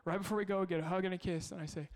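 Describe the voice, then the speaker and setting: A male pastor with a high-pitched voice talks very fast in a fairly even intonation, sharing family stories conversationally during a sermon and putting rhetorical questions to the congregation. Long hall reverb colors the recording.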